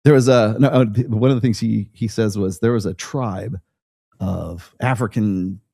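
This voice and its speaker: A man's voice: on the low side, normal speed, creaky, mellow, no echo, studio quality. A man hosting a casual commentary show, rambling with many restarts and laughing as he reacts to a video clip.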